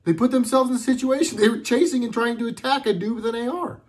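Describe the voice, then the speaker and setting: This middle-aged vlogger has a very high-pitched voice and talks fast. Speaking casually at home, he rambles earnestly and keeps halting and restarting what he's saying.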